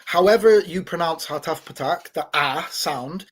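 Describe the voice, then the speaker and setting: A man with a slightly higher voice than most talks through an explanation in a loose, casual way. He stumbles and restarts often, repeats his words, and keeps checking in with his listener. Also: a little slow, fairly bright tone, breathy edge. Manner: teaching tone, checks in with "right?". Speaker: podcast host.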